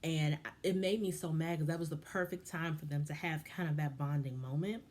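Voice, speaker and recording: A woman's voice: low-pitched, steady tone, fairly quick, a little mellow. A woman vlogger giving casual, impassioned and frustrated commentary on a reality show.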